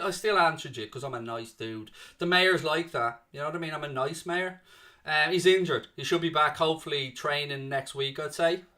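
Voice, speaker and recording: Hosting a live football watchalong, a man talks casually to his viewers in a slightly high, bright, forceful voice. He is animated and reads chat comments aloud as he goes.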